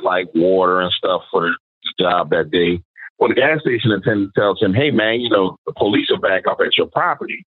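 A man's voice: low voice, no room sound. A man telling a paranormal story as a guest, chatting casually and voicing the people in it. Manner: conversational, quotes people in his story. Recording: thin phone-like sound.

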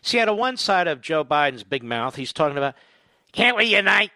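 A man's voice: fairly high pitch, sing-song, fast, sharp tone. A man hosting a talk radio show, delivering a combative, sarcastic political monologue that rambles from point to point.

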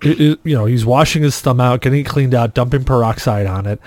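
A man hosting a casual podcast, telling a story with lively acted-out quotes. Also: medium pitch, fast talker, dry recording. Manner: animated storyteller, acts out quotes loudly. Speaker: podcast host.

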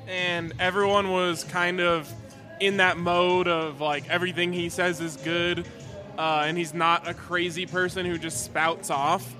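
A man with a bright, high voice hosts a casual sports chat. He steers the talk with questions and tells his stories with a laugh. Faint music sits underneath. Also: level tone, measured pace. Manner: laughing storyteller, leads the questions. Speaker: sports podcast host.

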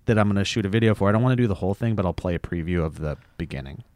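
A man co-hosting a podcast, telling a story with dry, quick jokes. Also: sits low, a little mellow, no echo. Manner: dry joking, quick quips. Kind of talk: casual chat, storytelling.

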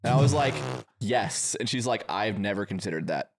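A man's voice: on the low side, expressive. A young man co-hosting a podcast, telling stories in casual chat and acting out the quotes. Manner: rapid storytelling, acts out quotes. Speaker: podcast co-host.

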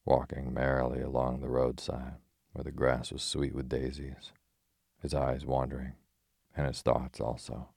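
Very deep, flat male storyteller. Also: a little slow, creaky, husky, no echo, clean studio sound. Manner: calm, even reading of old-fashioned prose. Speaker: sleep story narrator. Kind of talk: slow bedtime storytelling.

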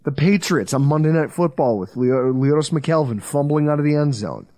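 A man hosting a sports podcast, telling stories in a lively, swearing, casual way. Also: normal speed, no room sound. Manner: animated, storytelling, swings between low intensity and loud outbursts. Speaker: podcast host.

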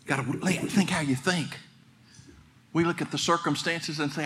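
High, bright-voiced preaching man. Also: fairly even intonation, measured pace, a little hiss or hum. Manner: storytelling preacher who builds to fervent exhortation. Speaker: pastor. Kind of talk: sermon.

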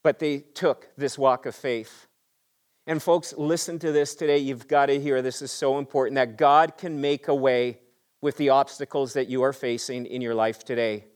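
A male pastor preaching a sermon to his congregation, swinging between excited, raised passages and hushed, quiet emphasis, with frequent rhetorical questions. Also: mid-range voice, normal speed. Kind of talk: Easter sermon.

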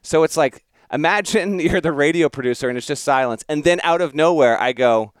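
A man's voice: fairly high pitch, fairly quick, hardly any pauses, clear, resonant tone, no room sound, clean studio sound. A man hosting a podcast, telling a story in a casual, rambling way and laughing at himself. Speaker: podcast host.

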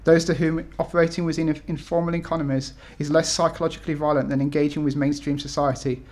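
A man's voice: fairly high pitch, little pitch movement, fast, darkish tone. A man in his thirties from the UK, an author talking to an event audience with many ums and restarts, then reading his essays aloud. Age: 30s.

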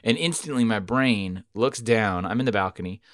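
A man hosting a podcast, telling a rambling, profane story with sudden loud outbursts. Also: lowish voice, normal speed, no room sound, clean studio sound. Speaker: podcast host. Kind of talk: casual storytelling chat.

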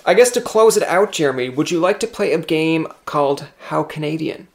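A young man hosts a casual interview. He talks in a chatty, lively way and slips into playful quoted voices as he tells stories. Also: a little high, brisk. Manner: chatty, animated storyteller, acts out quoted voices. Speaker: podcast host.

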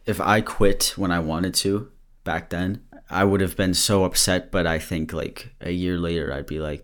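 A man's voice: deep voice, moderate pace, a bit bright. A young man hosting a podcast, giving a rambling, earnest motivational talk and a little out of breath, with restarts and the odd swear word. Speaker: podcast host.

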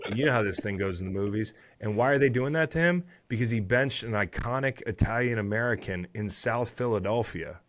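A man's voice: on the low side, brisk, few pauses, fairly bright tone. A man in his thirties, a former football player hosting a podcast, recapping the week's games in casual chat with swearing and rambling asides.

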